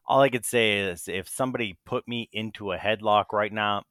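A man's voice: lowish voice, a little fast, a bit bright, clear, resonant tone, dry recording, studio quality. A man co-hosting a casual podcast from his bedroom, rambling and joking at his own expense. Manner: rambling, joking, self-deprecating. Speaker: podcast co-host. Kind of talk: casual chat. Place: hot small bedroom with no fan. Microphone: desk microphone.

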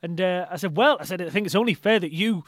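A man's voice: high-pitched, fast talker, no echo. A man hosting a podcast, a chatty storyteller who tells anecdotes and laughs easily. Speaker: podcast host. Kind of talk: casual chat.

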